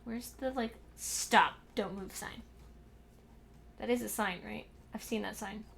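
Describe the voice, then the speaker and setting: A woman's voice: mid-range voice, steady tone, measured pace, creaky, a little hiss or hum. A young woman streaming a building game from her desk at home, muttering to herself and scolding her cat in exasperated asides. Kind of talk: casual livestream chat while building in a game. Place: home room at a computer.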